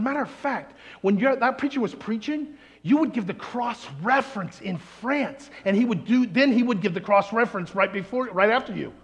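High-voiced preacher in a big hall. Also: male voice. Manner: animated, acts out quoted people. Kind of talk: sermon storytelling.

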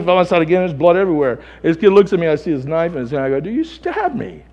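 Pastor guy preaching, gravelly raspy voice, kinda high, tells stories with laughs. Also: a little fast, big-room sound. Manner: animated storytelling with laughter and acted quotes. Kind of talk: sermon.

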